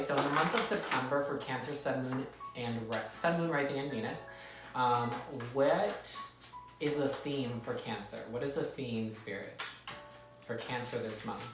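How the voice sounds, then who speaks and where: Very low-voiced woman giving a casual tarot reading. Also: background noise. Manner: chatty, repetitive, keeps checking in with "okay?". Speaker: tarot reader. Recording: echoey room, mic at a distance.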